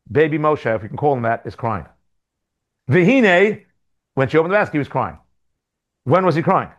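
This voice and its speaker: A man teaching a casual Talmud class to students, telling stories with lively asides. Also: a little high. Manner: animated storytelling with asides. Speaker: Torah teacher.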